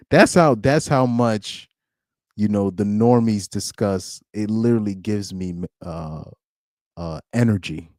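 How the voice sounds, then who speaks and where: A man's voice: on the low side, slow pace, darkish tone, dry recording, clean studio sound. A young man hosting a live-streamed podcast in casual chat, rambling and laughing often between loose, filler-heavy sentences. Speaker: podcast host.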